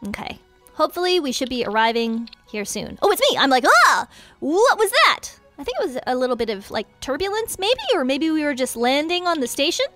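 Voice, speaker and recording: A woman commentates her game with a high, very lively voice that leaps up and down constantly. She is bubbly and excitable, playing to viewers as the host of the channel. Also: fast talker, soft background music. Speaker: gaming video host.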